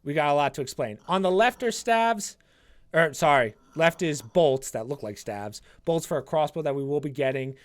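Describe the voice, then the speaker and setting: A man's voice: on the high side, expressive, moderate pace. A man with a somewhat raised voice narrates a game walkthrough for his channel. He talks casually and chattily, walking viewers through each step with frequent fillers. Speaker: gaming channel host. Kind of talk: casual gameplay walkthrough commentary.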